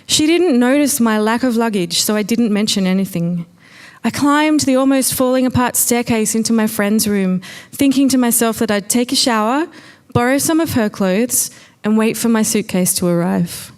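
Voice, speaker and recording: Smooth-voiced Australian woman telling a story. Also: fairly high pitch. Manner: wry, conversational first-person reading. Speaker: storyteller on stage. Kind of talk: live storytelling reading. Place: stage at a live storytelling night. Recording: long reverb of a venue hall.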